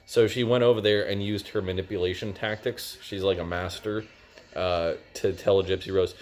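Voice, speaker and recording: A man's voice: deep voice, fairly even intonation, moderate pace. A young man giving a casual spoken review of a TV series, rambling and filling gaps with "like" and "uh". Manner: rambling, lots of "like" and "uh". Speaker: TV show reviewer.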